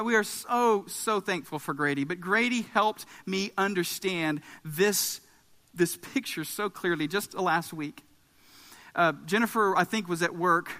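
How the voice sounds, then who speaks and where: A high, bright male voice delivers a sermon with lively storytelling and punchy emphasis. He sounds like a pastor in his thirties. His words ring out with a long reverb in a large hall. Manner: animated storytelling with emphatic rises.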